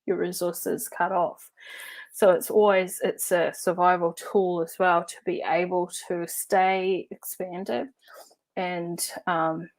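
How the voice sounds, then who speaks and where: Chatty lower-voiced woman coach. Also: slow pace. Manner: chatty and animated, laughs while telling stories; loose, with many fillers like "uh" and "like". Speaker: NLP and hypnotherapy coach. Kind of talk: casual storytelling and teaching to camera.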